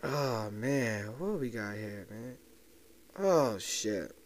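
In this casual solo podcast rant, the young male host speaks very slowly in a lowish voice with lively intonation. He swears freely and addresses his audience directly, like he's confiding a secret, over slight background noise.

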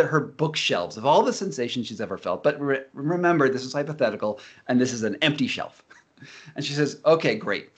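A man explaining ideas in casual talk, animated and often repeating words as he restarts. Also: mid-range voice, breathy edge.

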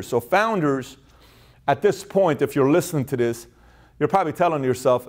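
A man's voice: mid-range voice, moderate pace, darkish tone. A man giving a motivational business talk, emphatic, acting out quoted inner voices. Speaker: host.

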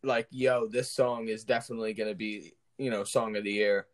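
A man's voice: on the low side, steady tone, brisk. A young man co-hosting a podcast, talking in a blunt, slangy, casual way. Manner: blunt, slangy, laughs easily. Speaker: podcast co-host. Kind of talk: casual chat.

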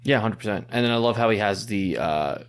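Upbeat host, a man with a fairly low voice who talks quickly and casually. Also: smooth. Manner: upbeat, quick, restarts and fillers. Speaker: podcast host. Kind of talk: casual chat, presenting news.

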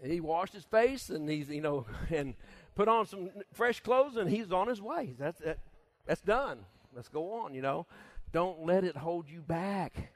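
Animated, laughing folksy pastor, a man. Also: high-pitched, a little slow. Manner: laughs often, folksy and animated, acts out voices. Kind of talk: casual sermon.

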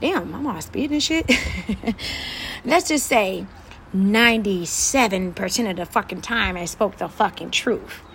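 A woman vlogger delivering an angry, profane rant to camera, repeating phrases and swinging between loud outbursts and quieter asides. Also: mid-range voice, expressive, unhurried, a little hiss or hum.

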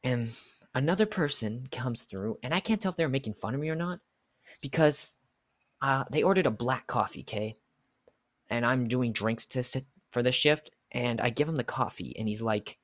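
A young man who works in fast food, telling an exasperated, slangy story in a casual vlog. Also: mid-range voice, lively intonation, a bit bright.

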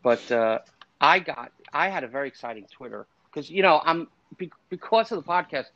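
Rambling, laughing podcast host, higher voice. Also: male voice, animated, brisk, fairly bright tone, no room sound, muffled recording. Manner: rambling, self-deprecating, laughs often. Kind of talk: casual podcast chat.

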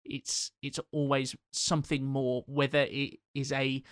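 A man's voice: medium pitch, little pitch movement, a little slow, no echo, clean studio sound. A man co-hosting a casual film discussion, talking in a rambling, thinking-aloud way. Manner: rambling, many fillers and restarts.

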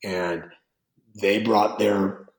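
A man in an interview, a winemaker who talks in a blunt, rambling, animated way and swears casually. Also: lowish voice, extremely slow. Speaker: winemaker and wine business owner. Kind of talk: interview conversation. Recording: roomy echo.

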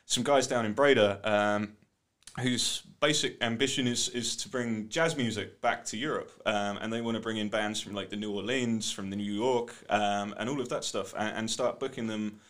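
British guy in a studio interview, kinda low voice, lots of ums and you knows. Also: fairly even intonation, moderate pace, fairly bright tone. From Britain. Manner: hesitant, many "um"s and "you know"s. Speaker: guest, art company co-founder.

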